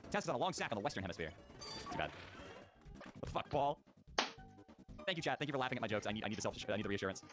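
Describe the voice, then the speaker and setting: A man's voice: on the low side, expressive, rapid-fire, pauses often. A man hosting a gaming channel, giving jokey, profane let's-play commentary and laughing often. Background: game music.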